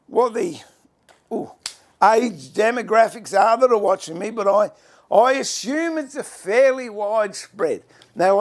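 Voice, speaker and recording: Older Australian man, livestream host, high voice, swooping lively delivery, greets viewers by name. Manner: chatty, greets viewers by name, fiddles with gear while talking. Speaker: livestream host and furniture maker. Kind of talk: casual livestream chat.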